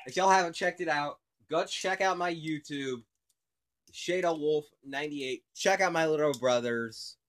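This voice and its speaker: A man hosting an unscripted podcast, with a voice pitched a bit above most men's. He rambles goofily and jokes, breaking into laughter often. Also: measured pace, fairly bright tone, slight background noise. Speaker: podcast host. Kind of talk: casual improvised podcast chat.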